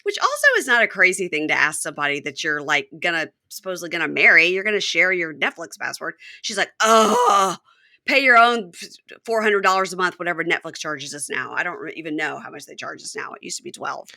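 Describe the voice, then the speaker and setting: A woman's voice: deep voice, fast talker, vocal fry, few pauses. A woman hosting a podcast, recapping a reality show in casual chat and acting out the people she quotes. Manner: acts out quoted lines in animated voices, swears casually. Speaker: podcast host.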